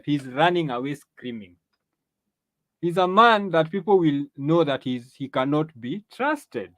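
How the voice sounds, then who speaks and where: The host of an opinion monologue, with a voice on the high side and no room sound, lectures emphatically. He draws out stressed phrases, restarts frequently, and asks rhetorical questions.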